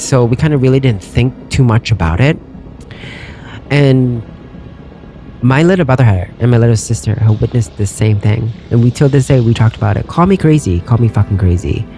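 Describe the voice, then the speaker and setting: Mellow-voiced man rambling through a story. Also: medium pitch. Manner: rambling, swears freely, wondering aloud. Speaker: podcast host. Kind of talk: casual podcast storytelling.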